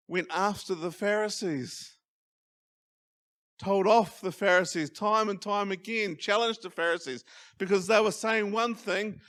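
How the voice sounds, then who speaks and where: Emphatic New Zealand man preaching. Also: sits high. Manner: emphatic, swinging from loud stresses to quiet asides. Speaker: pastor. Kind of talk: sermon. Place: church hall.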